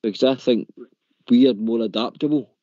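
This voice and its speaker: A man's voice: mid-range voice, normal speed, warm tone, dry recording, lo-fi sound. A man hosting a casual football phone-in show, talking tactics in an opinionated way and stumbling over his words. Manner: opinionated, repeats words, says "mate" and "in my opinion". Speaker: phone-in host.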